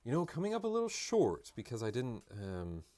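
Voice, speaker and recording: A man's voice: mid-range voice, wildly swooping pitch, normal speed, mellow. A man chatting casually and rambling with jokes while painting live on a stream. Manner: rambling, joking, self-interrupting.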